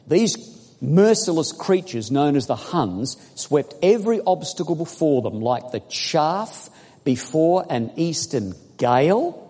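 A man preaching a sermon with emphatic, dramatic delivery, swinging between loud bursts and quiet asides. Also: fairly high pitch, husky. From outside the United States. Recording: echoey hall.

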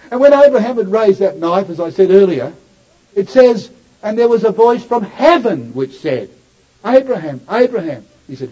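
A man's voice: high-pitched, dark tone. A man preaching a sermon, addressing the listeners as brothers and sisters and rising to emphatic peaks on scripture. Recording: dull lo-fi recording.

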